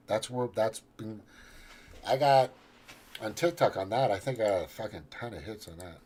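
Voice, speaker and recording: Give me a deep-ish male host ranting casually with lots of cursing and restarts. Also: normal speed, darkish tone, slightly rough. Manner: profane, rambling, scrolls and reads his own posts aloud; frequent restarts and trailing off. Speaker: show host. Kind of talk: casual political rant.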